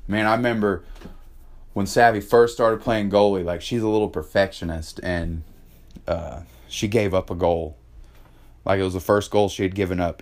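A man in his thirties talking in a casual monologue about parenting, passionate, cursing freely and filling with "man". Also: fairly low pitch. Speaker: podcast host.

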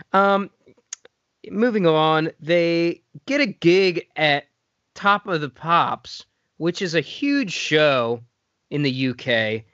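A man hosting a podcast in casual chat, animated and swearing as he gets worked up. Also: fairly high pitch, no room sound. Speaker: podcast host. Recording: dry, dull lo-fi sound.

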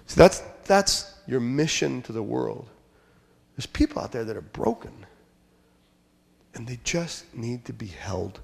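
Male pastor, sermon, conversational and joking, quiet asides, gravelly voice, long hall echo. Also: medium pitch, big pitch swings, measured pace, long pauses. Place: church sanctuary. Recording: long church hall reverb.

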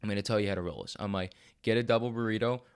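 Racing along in a lowish, clean voice, this young man from Arizona rambles through a profane podcast story. He puts on the voices of the people he's quoting with real animation.

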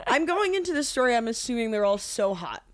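A woman's voice: a little high, big pitch swings, quick pace, background noise. Chatty woman in her thirties. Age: 30s. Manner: chatty storyteller, laughs often. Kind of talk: casual chat.

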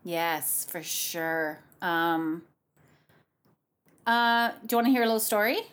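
A woman opera singer chatting as a podcast guest, telling animated stories with lots of giggling. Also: fairly low pitch, slow, smooth. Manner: giggly, animated storyteller who acts out voices. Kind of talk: casual podcast chat.

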